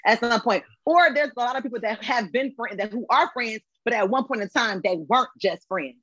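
A woman's voice: fairly high pitch, brisk, fairly bright tone, slightly rough, no echo, dull audio. A woman talking as a guest in a casual podcast chat, loose and conversational, circling back with fillers. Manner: conversational, repeats filler words.

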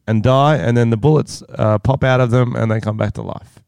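A man's voice: medium pitch, fairly even intonation, fairly quick, creaky, darkish tone, clear, resonant tone, no room sound. A young man co-hosting a podcast in casual, crude chat, swearing and laughing often. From Australia. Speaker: podcast co-host.

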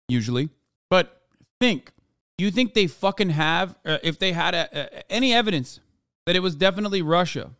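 A man's voice: a little high, fairly bright tone, clean tone, no echo, clean studio sound. A man hosting a political stream, reacting to clips with profane, mocking rants. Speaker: streamer host. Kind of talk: casual political commentary.

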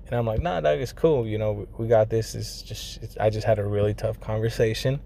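A man's voice: fairly low pitch, flat delivery, brisk, warm tone, slight background noise. A young man casually telling a personal story, profane and slangy, full of fillers like "like" and "you know," dropping in bits of Spanish. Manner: drops Spanish phrases into English.

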